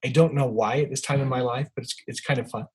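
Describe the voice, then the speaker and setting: A man's voice: medium pitch, fairly even intonation, fast talker, husky, rough recording. An older man, an author, telling rambling anecdotes as a podcast guest, with many restarts and fillers. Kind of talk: storytelling in a podcast interview.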